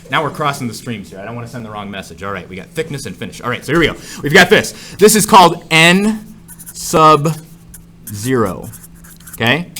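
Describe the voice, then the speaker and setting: Joking male math teacher, lively voice. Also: medium pitch, fairly quick. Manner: jokey and playful, asks the class many questions. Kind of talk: classroom lecture. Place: classroom. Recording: echoey classroom with faint ambience.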